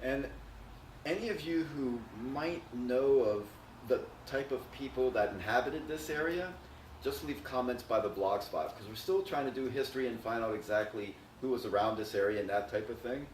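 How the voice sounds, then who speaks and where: A man's voice: medium pitch, normal speed, distant mic. A man, co-host of a video, chatting casually and easily to the camera. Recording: echoey room, mic set back, faint noise.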